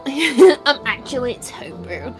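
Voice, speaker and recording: A woman's voice: sits high, sing-song, moderate pace, loud music behind the voice. A woman hosting a livestreamed tabletop game as game master, chatting casually and laughing often. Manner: giggly, laughs often while talking.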